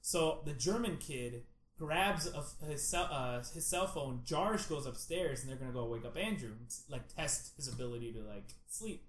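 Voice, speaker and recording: Young man telling a wild story, high voice. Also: normal speed, a little hiss or hum. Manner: excitable storytelling, lots of "like", acts out quotes loudly. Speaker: storyteller in a group chat. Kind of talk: casual chat, animated anecdote. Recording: echoey room.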